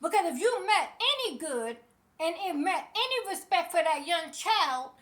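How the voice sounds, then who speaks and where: A woman's voice: very high-pitched, very animated, normal speed, a bit bright. A woman vlogger giving passionate, sassy celebrity commentary, talking straight to the people she scolds.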